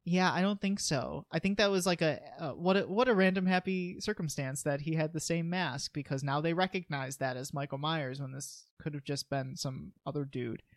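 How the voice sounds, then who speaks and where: A man's voice: a little high, moderate pace, hardly any pauses, dry recording. Chatty man recapping a movie. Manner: chatty plot recap with eager asides. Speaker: podcast co-host. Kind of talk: casual movie discussion.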